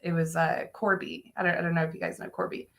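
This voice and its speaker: A woman casually telling a story on a podcast, animated, swearing and laughing as she goes. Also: deep voice, fast, vocal fry.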